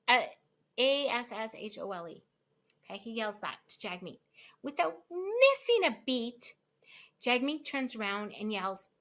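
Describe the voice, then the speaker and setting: Animated woman, bright voice. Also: a little high. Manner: animated, emphatic, many fillers. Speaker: lawyer guest. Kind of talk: casual interview chat.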